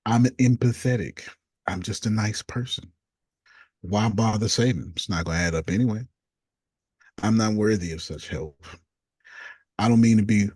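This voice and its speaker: A man coaching a group, reading out negative self-talk statements one after another in a deliberate, casual way. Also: lowish voice, a little mellow, breathy edge, dry recording, clean studio sound.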